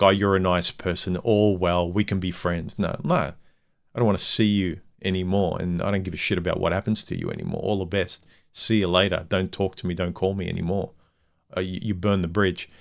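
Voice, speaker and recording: A man with a very low, deep voice talks through a casual livestream monologue. He is candid and blunt, and his thoughts ramble from point to point. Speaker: livestream host.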